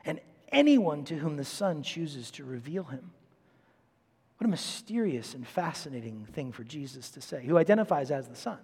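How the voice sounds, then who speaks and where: A man in his forties, a priest, preaching a sermon in a chatty, animated storytelling manner. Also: on the high side, normal speed, breathy edge. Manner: chatty, animated storyteller, quotes people in voices. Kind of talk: sermon with personal stories. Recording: long hall reverb.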